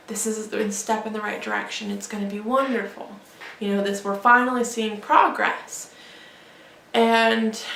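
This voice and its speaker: A woman vlogger telling an emotional personal story in a halting, grieving way. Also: mid-range voice, creaky, a bit bright. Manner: halting, grieving, many restarts and fillers. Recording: echoey room with faint background noise.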